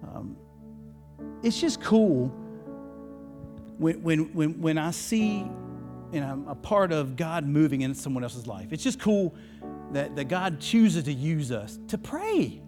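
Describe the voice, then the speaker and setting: A man's voice: a little high, very animated, slow, pauses often, music in the background. A male pastor preaching a sermon, telling a story in a folksy, emotional way with many restarts. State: tearful. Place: church.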